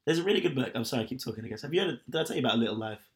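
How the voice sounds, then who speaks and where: Fast-talking young man, candid chat. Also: mid-range voice, animated. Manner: candid, rambling, many fillers. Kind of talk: casual chat.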